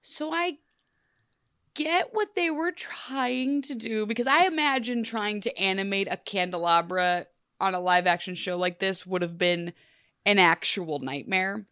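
A woman's voice: medium pitch, unhurried, a bit bright, clean tone, no room sound, studio quality. A woman co-hosting a casual chat show, speaking conversationally and laughing between remarks. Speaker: podcast co-host.

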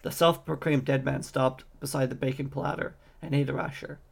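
A man reading a fantasy novel aloud as an amateur audiobook, steady with small slips and restarts. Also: mid-range voice, moderate pace, vocal fry, husky. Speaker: audiobook reader.

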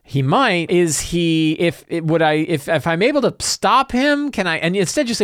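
A middle-aged man hosting a casual solo talk show, animated, acting out quick bits of dialogue as he explains. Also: high-pitched, no echo, clean studio sound. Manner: animated, acts out player and game master lines in quick asides. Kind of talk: solo casual talk about tabletop games.

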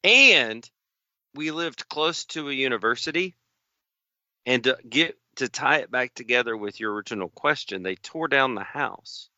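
A man casually telling a long story on a podcast, unhurried and folksy, acting out the other people in it. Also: medium pitch, animated, bright, forceful tone, no room sound. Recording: dull, slightly lo-fi dry studio sound.

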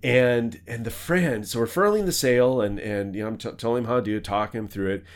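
A male podcast host tells a long story in a casual interview, rambling, correcting himself, and laughing along the way. His voice is medium-pitched, a little fast, and animated.

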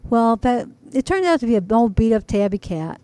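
A woman's voice: on the high side, sing-song, moderate pace, warm tone, dry recording. Woman doing a cheerful treasure-hunting dad. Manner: hearty and upbeat. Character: cheerful dad who loves junk treasure.

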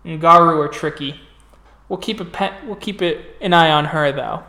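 The game master voicing a suited male villain who talks with calm, businesslike menace. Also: a little high, moderate pace, roomy sound.

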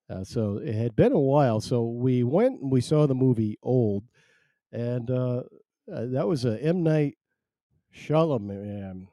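A man's voice: medium pitch, dark tone, dry recording, studio quality. A middle-aged man hosting his own podcast in loose, rambling, self-amused casual chat. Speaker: podcast host. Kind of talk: casual solo podcast chat, reading listener chat.

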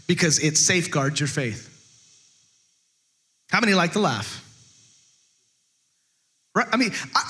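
A man's voice: a little high, sharp tone. A male pastor giving a chatty, humorous sermon, stumbling over restarts and acting out quotes.

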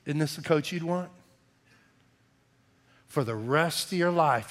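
A middle-aged man, a pastor preaching a sermon in a folksy, animated storytelling manner. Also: mid-range voice, unhurried, pauses often.

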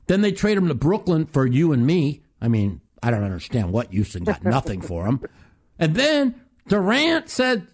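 A man's voice: a little high, big pitch swings, normal speed, darkish tone. A man hosting a call-in talk show, ranting profanely and animatedly about sports. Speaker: host.

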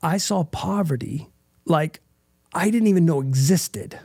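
A middle-aged man tells a deeply personal story with a heavy gravelly rasp and a husky edge to his slightly high voice. His tone is dark and earnest, and he keeps checking in with the listener. The sound is close and dry, with no room around it. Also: unhurried, no room sound. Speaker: interview guest.

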